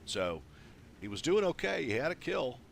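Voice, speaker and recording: A man's voice: on the high side, very animated, normal speed, vocal fry, background noise. A man casually commenting on a replay of his own game, laid-back and swearing freely. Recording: game sounds of gunfire and engines behind. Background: tank battle game sounds, artillery fire.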